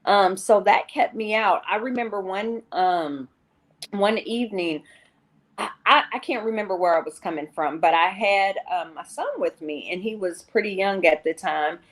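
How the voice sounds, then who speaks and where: A woman's voice: medium pitch, moderate pace. A woman guest on an interview show, telling her personal recovery story in a candid, rambling way and often quoting herself.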